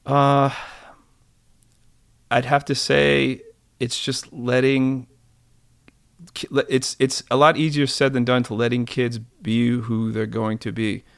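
Gravelly guy in his 40s, mid pitch, rambling animated stories on a podcast, dry sound. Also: takes it slowly, long pauses, no room sound. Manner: rambling, animated storytelling with many restarts. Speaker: podcast guest. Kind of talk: casual interview chat.

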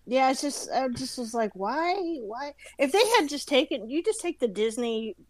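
A woman, a parent, chatting casually as a stream guest, expressive and quick to laugh. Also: high-pitched, dry recording. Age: adult parent. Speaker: guest talking about movies. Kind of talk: casual chat.

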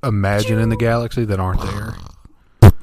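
A man co-hosting a casual podcast chat, animated and full of questions. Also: on the low side, normal speed, slight background noise. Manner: animated storyteller, asks lots of questions.

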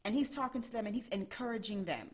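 A woman's voice: a little high, lively intonation, fast talker, background noise. A woman host explaining a Bible passage in a conversational teaching tone, checking in with her listeners. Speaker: podcast host.

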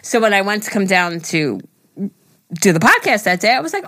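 A chatty woman, co-hosting a podcast. Her voice swoops up and down as she tells stories, laughing and getting emotional easily. Relaxed, casual conversation. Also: medium pitch, fairly quick. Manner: chatty, laughs often, gets teary and excited. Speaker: podcast co-host. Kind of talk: casual chat.

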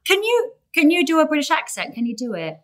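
A woman hosts a casual talk show, firing teasing, playful questions at her guest. Her voice sits a touch high and swoops about with animation. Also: wildly swooping pitch, fairly quick, fairly bright tone.

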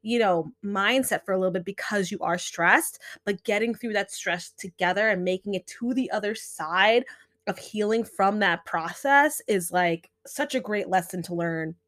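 A woman's voice: mid-range voice, normal speed, a bit bright. Chatty woman podcast host. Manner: earnest, chatty, fillers like "you know" and "right". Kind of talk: casual self-help talk.

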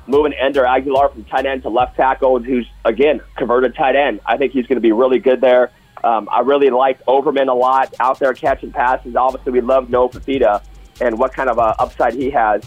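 Husky-voiced male co-host, enthusiastic storyteller, muffled audio. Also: mid-range voice, steady tone, normal speed, faint music behind. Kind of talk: casual sports talk.

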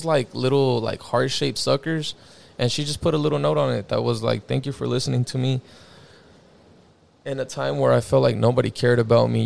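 A man's voice: medium pitch, creaky, a little mellow. A young man casually telling a personal story as a guest, slangy and profane, filling his talk with "bro" and "like".

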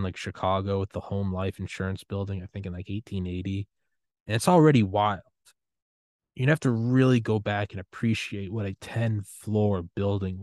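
A young man hosting a podcast, giving a rambling, excitable solo rant full of swearing and trailing restarts. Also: fairly low pitch, no echo, clean studio sound. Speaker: podcast host.

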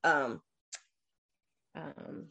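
A woman in her forties telling her personal story as an interview guest, reflective and emotional, pausing often with fillers. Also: pushed and bright, highs cut off. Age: 40s.

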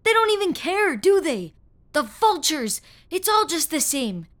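A frail old man near the end of his life, gruff but kindly, as a woman reader puts him on. He talks in a folksy, worn-out way, with sighs and coughs between words, in a voice that sits rather high for a man. An audio horror story told by a single reader. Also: lively intonation, unhurried. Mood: agitated. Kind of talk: audio fiction reading.

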